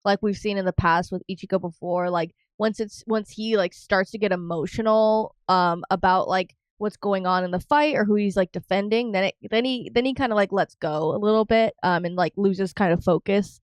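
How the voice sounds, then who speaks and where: A woman co-hosts a casual reaction podcast and talks through her thoughts, full of fillers. Her voice is smooth and clear, and the recording is dry and close. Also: mid-range voice, moderate pace, hardly any pauses, no echo. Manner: chatty, many fillers like "like" and "um". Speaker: podcast co-host. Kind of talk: casual anime reaction chat.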